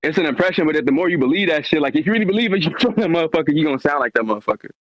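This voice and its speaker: A man from Indiana in casual podcast chat, talking quickly and confidently. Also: on the high side, expressive, no room sound. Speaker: podcast co-host. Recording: dull, dry, lo-fi.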